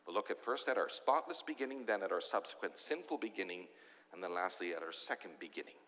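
A man's voice: low voice, animated, fast talker, fairly bright tone, in a large hall, slight background noise. A man preaching a sermon as pastor, emphatic and full of rhetorical questions.

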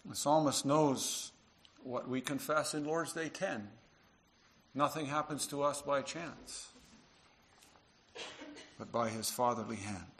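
A man preaching a sermon to his congregation, earnest, dropping to quiet asides and rising into emphatic passages. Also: medium pitch, takes it slowly, long pauses, a little hiss or hum. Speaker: pastor.

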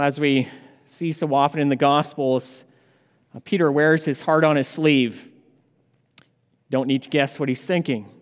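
Male preacher, high voice, long hall reverb, earnest expository sermon, slows for emphasis.

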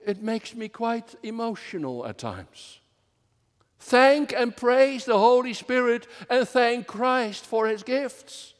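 A man preaching an earnest sermon as minister, slow and measured, rising to strong emphasis at times. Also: very high voice, lively intonation, long reverb tail. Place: church.

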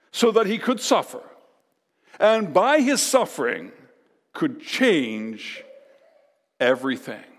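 Emphatic male pastor, higher voice. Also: big-room sound. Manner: emphatic preaching with dramatic pauses and repetition. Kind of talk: sermon.

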